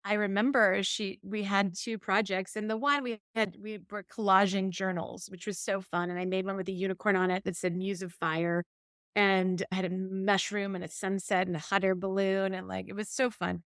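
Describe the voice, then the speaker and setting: In a relaxed podcast chat, a female co-host relates a story about herself, lively as she voices what she once said. She has a mid-range, clear and resonant voice at a moderate pace, on a dry, clean studio recording.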